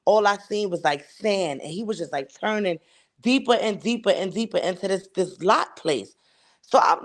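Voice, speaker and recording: Woman, podcast co-host, casual storytelling, profane, emphatic, mid-pitched voice. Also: animated, normal speed. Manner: profane and emphatic, acts out quoted dialogue.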